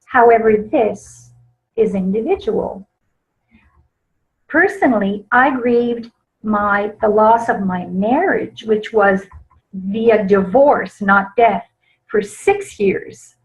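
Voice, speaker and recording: A woman presenting a webinar on grief in a gentle, soft-spoken way with small laughs. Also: mid-range voice, slow pace. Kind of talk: teaching webinar talk. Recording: slightly dull lo-fi webinar audio.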